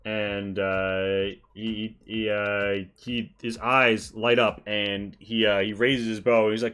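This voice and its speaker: A man narrating a tabletop game as game master, casual and halting with many fillers. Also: fairly low pitch, fairly even intonation, fairly bright tone, clear, resonant tone, faint music behind.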